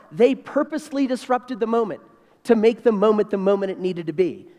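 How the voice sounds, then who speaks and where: A man of about fifty giving a keynote speech as an animated storyteller who repeats key phrases for emphasis. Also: high voice. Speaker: keynote speaker. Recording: reverberant hall.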